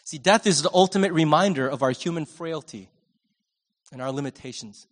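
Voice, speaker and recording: A male pastor delivers a sermon in a conversational, animated way. His voice swings between loud and hushed, and it sits high for a man. A long reverb hangs in the large church hall. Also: brisk.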